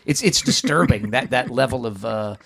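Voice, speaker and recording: A man co-hosting a music podcast in casual chat, halting and stumbling over his words with frequent laughs. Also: medium pitch, animated, vocal fry, a bit bright, slight background noise. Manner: halting, restarts often, laughs a lot. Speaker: podcast co-host.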